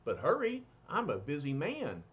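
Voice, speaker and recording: A brisk, pompous, eccentric art dealer talking in formal phrases, as a man reading a comic puts him on. His voice rides high and lively. The sound is muffled with faint hiss.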